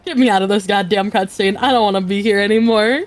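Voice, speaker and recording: A woman's voice: medium pitch, fast talker, faint music behind. A young woman streaming a game live, swearing freely and putting herself down. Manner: swears a lot, self-deprecating. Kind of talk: casual live gameplay chat.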